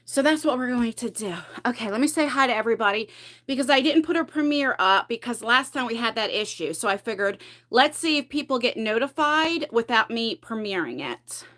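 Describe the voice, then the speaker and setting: A woman's voice: a little high, expressive, fairly quick, a bit bright. A woman hosting a casual beauty livestream from home, chatty and rambling, laughing often and a bit out of breath. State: a bit out of breath from carrying heavy boxes. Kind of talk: casual live chat while decluttering makeup. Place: at home, in pajamas.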